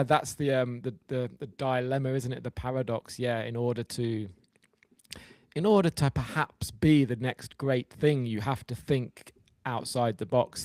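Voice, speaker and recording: A man's voice: mid-range voice, darkish tone, dry recording. A man co-hosting a podcast, reading from an essay and riffing on it with wry, joking asides. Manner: wry, jokey, reads then riffs. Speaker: podcast co-host. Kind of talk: casual chat reading an essay.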